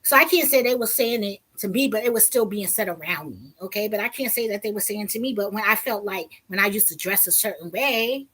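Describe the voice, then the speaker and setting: A woman vlogger telling a personal story in a casual, blunt, animated way, with some profanity. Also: medium pitch, fairly quick, hardly any pauses, husky.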